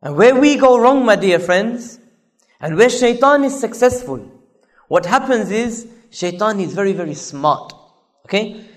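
A male preacher with a notably high voice delivers a sermon. He talks emphatically, repeating key lines and asking rhetorical questions to press each point. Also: lively intonation, measured pace.

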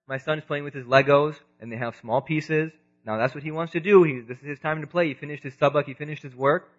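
A man in his thirties giving an earnest religious lecture, moving between loud emphasis and quiet asides, in a dull lo-fi recording. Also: a little high. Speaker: preacher.

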